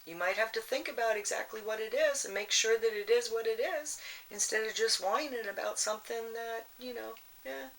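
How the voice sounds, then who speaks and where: A woman's voice: a little high, fairly quick, creaky, fairly bright tone, slight background noise, poor audio. A woman giving a casual astrology and tarot reading, rambling with lots of "you know" and restarts in a motherly, advice-giving way. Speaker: tarot reader.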